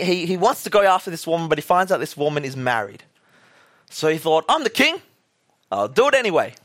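A man's voice: fairly high pitch, a bit bright, no echo. A young man preaching a sermon as casual storytelling, acting out quotes as he goes.

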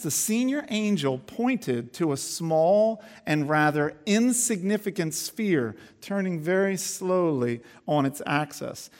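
A man preaching as a pastor, earnest and dropping to a hush for emphasis, then reading a story aloud. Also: on the high side.

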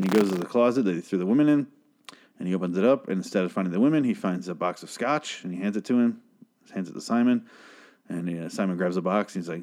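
A man's voice: fairly low pitch, animated, brisk, a little mellow. A man casually recapping a TV show in a rambling, profane way, stopping himself mid-sentence and laughing often.

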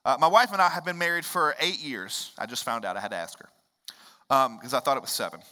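Bright-voiced preacher man. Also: mid-range voice, quick pace. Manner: conversational preaching with sudden loud emphatic rises. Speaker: pastor. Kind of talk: sermon.

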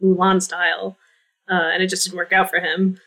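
A woman's voice: lowish voice, flat delivery, moderate pace, fairly bright tone. A woman playing a tabletop game, chatty and often laughing. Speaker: player. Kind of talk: casual tabletop play.

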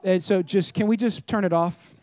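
High-voiced pastor, chatty and direct. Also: male voice, steady tone, moderate pace, a little mellow, no room sound. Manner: chatty storytelling, addresses the audience directly. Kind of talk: conversational sermon.

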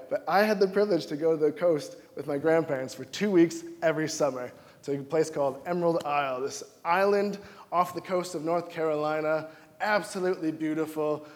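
A young man from Wisconsin preaching a sermon, telling personal stories in an animated way and acting out his own quoted lines. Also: on the high side. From Wisconsin, United States. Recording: long hall reverb.

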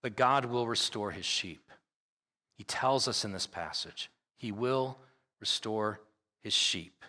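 A male pastor delivers an emphatic sermon in a clear, ringing voice. He reads scripture at length and hammers key phrases by saying them twice. The sound lingers with a long reverb in a large church sanctuary. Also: on the low side, takes it slowly, pushed and bright. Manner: emphatic preaching with repeated phrases.

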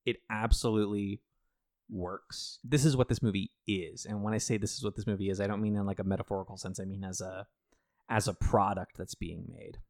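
A man's voice: on the low side, steady tone, fairly quick, a little mellow, no echo, clean studio sound. A man co-hosting a podcast, chatting casually and emphatically about a film and swearing freely. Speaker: podcast co-host.

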